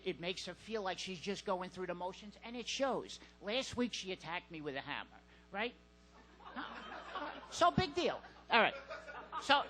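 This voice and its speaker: A man doing a stand-up set in a comedy club, deadpan and halting with fillers. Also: sits high, slight background noise, rough recording.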